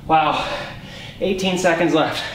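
A man's voice: on the high side, fairly even intonation, takes it slowly, roomy sound, a little hiss or hum. A male fitness instructor coaching a home workout, counting reps aloud and calling out short commands.

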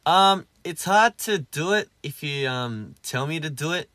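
Speaking in a fairly high, animated, sharp-toned voice at an unhurried pace, this Australian man in his twenties responds to viewer comments on a casual live stream. He rambles in a relaxed way with many fillers and restarts, and there is no room sound.

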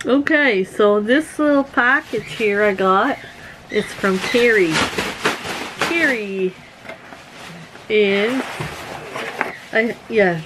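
A middle-aged woman from Canada chats slowly and casually to her vlog viewers, giggling as she goes. Her voice sits at an ordinary middle pitch and sounds friendly. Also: a bit bright, slight background noise, low-quality recording. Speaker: vlog host.

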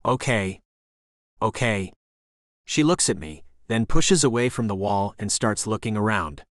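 A man narrating a first-person romance thriller audiobook in a dramatic, expressive style. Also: lowish voice, moderate pace, no room sound, clean studio sound.

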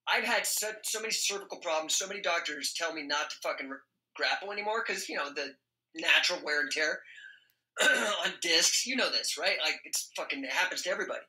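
Middle-aged man, podcast guest, swears a lot, bright voice, echoey room. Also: sits high, brisk. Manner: profane, animated, laughs often. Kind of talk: casual storytelling. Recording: roomy echo.

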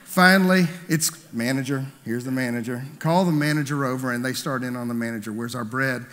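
A man's voice: mid-range voice, a little fast, a bit bright, slight background noise. A man, the pastor, preaching a conversational sermon, telling a story and asking the congregation questions. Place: church hall. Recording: long hall reverb.

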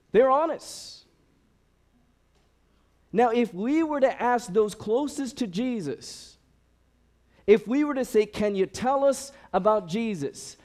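Guy preaching casually w a pretty high voice, lots of "you know", acts out the people in his stories. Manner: animated storytelling, acts out quoted people; conversational, frequent fillers. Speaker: youth ministry director. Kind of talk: sermon-style talk.

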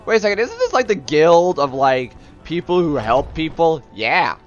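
Casual male gamer host, animated and jokey, slightly muffled mic. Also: fairly high pitch, normal speed. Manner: chatty, joking, self-mocking. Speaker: let's-play host. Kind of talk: casual gaming commentary.

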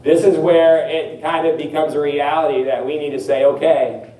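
A man preaching a sermon as pastor, earnest, repeating phrases and slowing down on key words. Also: on the high side, fairly even intonation, warm tone, echoey room, recorded from a distance, low-quality recording.

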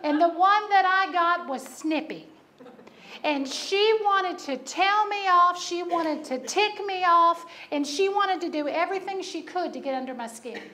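High-voiced woman pastor preaching. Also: animated, measured pace, bright, forceful tone. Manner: storytelling, laughing at herself, emphatic repetition. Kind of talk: sermon.

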